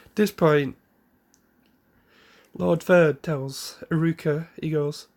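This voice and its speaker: A man casually narrating an improvised fan story in a rambling, halting way with many restarts. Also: fairly high pitch, fairly even intonation, darkish tone.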